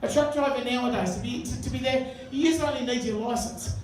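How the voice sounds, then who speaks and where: A man's voice: very high voice, expressive, fast. A man doing a crude, chatty stand-up set in a pub, bantering with the crowd. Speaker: stand-up comedian. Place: live pub venue. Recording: echoey room, mic far off. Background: audience laughter.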